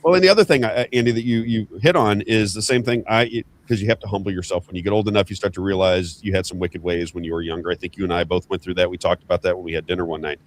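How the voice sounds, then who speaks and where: Fast, emphatic male talk show host. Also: low voice, a little hiss or hum. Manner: emphatic, excitable, repeats himself. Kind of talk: political talk show chat.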